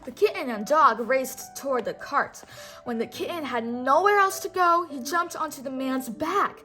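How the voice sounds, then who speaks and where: A woman teacher reading a storybook aloud to children, slow and careful, pausing to correct herself and to ask the listener questions. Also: high voice, expressive, pushed and bright, soft background music.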